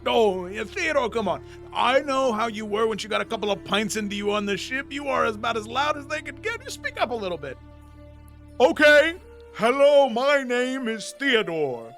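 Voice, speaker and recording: A man's voice: very high-pitched, expressive, fairly quick, gravelly, pushed and bright, faint music behind, voice pushed up, heavily acted. A man voicing a boisterous tusked male brawler who swears, teases and laughs a lot. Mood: teasing.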